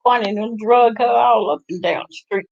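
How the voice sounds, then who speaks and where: The host's voice here is fairly high and creaky, at a moderate pace, with lo-fi sound. She laughs often and throws out gossipy reactions to the livestream she's hearing during the casual chat.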